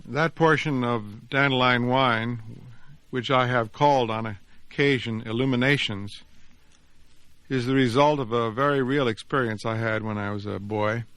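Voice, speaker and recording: A man reads his own story aloud with an expressive, measured storyteller's delivery. His voice sits in the middle range, and the recording is dry and close, with no room sound. He lingers over phrases and shapes each sentence. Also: medium pitch, clean tone, no room sound. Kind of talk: dramatic reading of fiction and reflective commentary.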